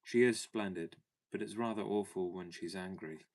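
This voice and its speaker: A man's voice: low voice, normal speed. A man voicing an earnest young boy in a storybook reading.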